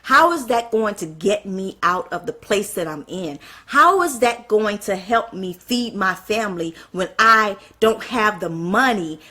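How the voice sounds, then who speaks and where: A woman delivers a fiery, passionate sermon to a gathering, piling up rhetorical questions. Her voice is bright and forward with a husky edge. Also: mid-range voice. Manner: fiery, fires off rhetorical questions, apologizes for getting excited. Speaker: speaker at a church event.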